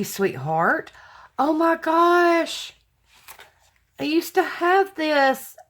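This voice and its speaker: A woman chatting casually to viewers as she unboxes craft mail, gushing and exclaiming with thanks. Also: medium pitch. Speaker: craft vlogger opening mail.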